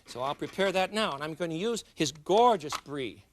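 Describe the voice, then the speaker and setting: A middle-aged man with a slightly high voice demonstrates a recipe in a studio kitchen. His pitch swings widely as he chats and jokes with the viewers, laughing at himself between steps. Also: expressive, moderate pace, a little hiss or hum. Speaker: cooking show host. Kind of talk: cooking demonstration.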